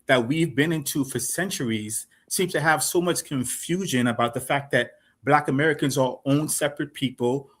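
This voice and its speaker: A man from South Carolina with a Gullah Geechee accent, calling into a live-stream debate, halting at first and then defensive and loud. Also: medium pitch, slightly rough. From Charleston, South Carolina. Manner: hesitant, then raises his voice defensively. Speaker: caller.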